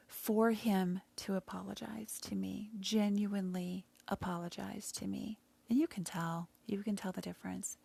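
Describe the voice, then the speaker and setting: Woman telling her own story, halting and emotional, gravelly dark voice, drops to whispers. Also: medium pitch, little pitch movement, no room sound. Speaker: podcast host sharing her story. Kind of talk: personal storytelling.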